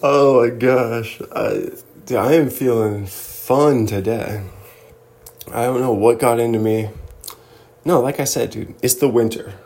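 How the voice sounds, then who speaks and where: A man from Southern California hosts a casual video chat with a playful, joking manner. He speaks slowly and easily, at an ordinary pitch. His tone stays relaxed and loose throughout. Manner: playful, jokey and laid-back. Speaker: host.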